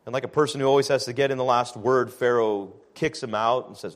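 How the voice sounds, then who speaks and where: A man preaching a sermon as pastor, measured and emphatic, slowing down to stress key phrases. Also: mid-range voice, fairly even intonation.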